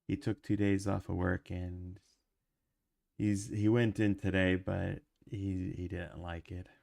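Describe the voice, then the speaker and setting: A man's voice: sits low, little pitch movement, slow pace, gravelly, darkish tone, no echo, studio quality. A man who is sick with a cough, chatting casually while he livestreams his animation work and rambling with lots of ums and uhs.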